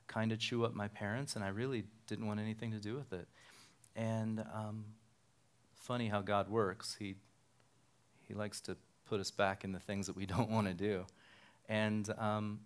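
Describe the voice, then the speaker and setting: Tired-voiced pastor, lowish smooth tone. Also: male voice. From Nevada, USA. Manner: casual, self-deprecating storytelling. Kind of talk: sermon with personal stories. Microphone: handheld microphone.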